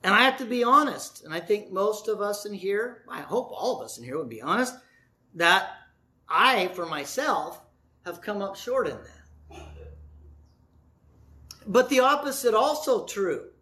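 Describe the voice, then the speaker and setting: A man preaching a sermon in a high, bright voice. He is middle-aged and tells his story dramatically, acting out the voices in it and dropping from loud cries to hushed, slow lines. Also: animated. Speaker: pastor.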